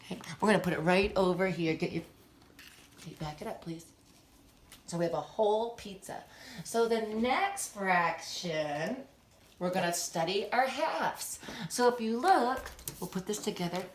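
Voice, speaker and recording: A young woman teaching a lively lesson to the camera. Her voice jumps up and down as she teases and laughs between explanations. The delivery is playful and informal. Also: mid-range voice, normal speed, a little hiss or hum. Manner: animated, laughs often, teasing. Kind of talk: playful classroom lesson video.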